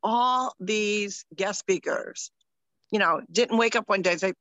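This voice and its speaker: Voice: medium pitch, expressive, moderate pace, bright, forceful tone, no echo, lo-fi sound. A podcast co-host chatting casually, rambling with lots of fillers. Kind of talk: casual chat.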